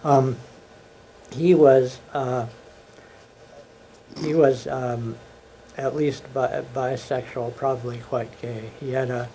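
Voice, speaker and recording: A man guest on a local talk show, speaking haltingly with many pauses. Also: medium pitch, steady tone, dark tone, slight background noise, poor audio. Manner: hesitant, halting. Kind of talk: casual conversation.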